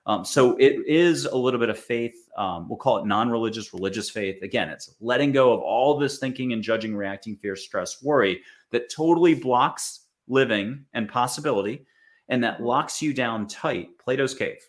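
A man's voice: medium pitch, normal speed. A man from the United States giving a casual spiritual talk to an audience, chatty and acting out little quoted voices. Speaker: spiritual speaker.

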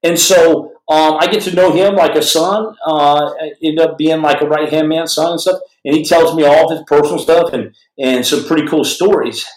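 A man's voice: a little high, steady tone, normal speed, few pauses, echoey room, low-quality recording. A man hosting a podcast, telling a long personal story in a rambling, conversational way with many restarts. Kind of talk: casual spoken storytelling.

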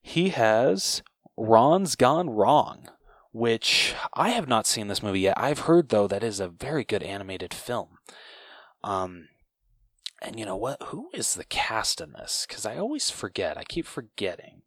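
A man's voice: on the low side, sing-song, measured pace, dry recording. A man hosting a podcast alone, chatting casually and enthusiastically about films, rambling and swearing freely. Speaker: podcast host. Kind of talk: casual movie review chat.

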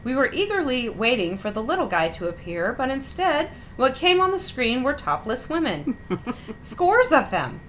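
A woman in her thirties hosts a podcast and reads stories aloud in a wry, animated way, often breaking into laughter. Her voice sits fairly high and swings widely in pitch. Some faint background noise sits under her. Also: moderate pace. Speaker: podcast host. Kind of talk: reading listener stories aloud with chat.

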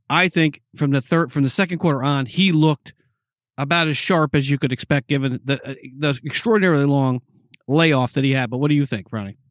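A man's voice: on the high side, no room sound, clean studio sound. A man co-hosting a casual sports talk show, rattling off scores and stats with emphatic asides. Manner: rapid stat rundown, emphatic "count 'em". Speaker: sports podcast co-host.

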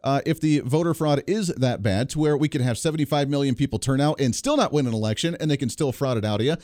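A man's voice: medium pitch, quick pace, a little mellow, no room sound, studio quality. Blunt opinionated radio host, a man. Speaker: radio talk show host. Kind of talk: political talk radio commentary.

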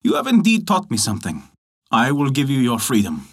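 A man's voice: medium pitch, wildly swooping pitch, a little fast, husky, heavily acted. A man playing a proud, grasping rich man in a folk tale, speaking in a coaxing, indignant way. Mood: calm.

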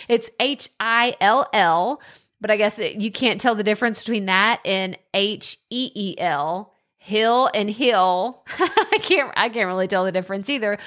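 A woman's voice: medium pitch, a bit bright. Texan woman, young adult, podcast host, chatty, self-deprecating, laughs at herself. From Texas. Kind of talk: solo podcast talk.

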